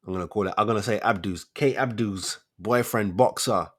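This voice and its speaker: A man's voice: lowish voice, fairly quick, hardly any pauses, husky. A man, hosting a casual solo commentary show, firing off rhetorical questions in street slang. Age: 40s. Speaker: host of a debate show.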